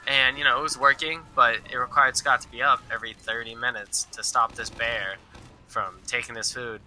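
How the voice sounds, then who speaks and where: A man's voice: medium pitch, fairly even intonation, normal speed, sharp tone, slight background noise. A young man casually telling a rambling story, full of fillers and quoted dialogue. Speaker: storyteller guest.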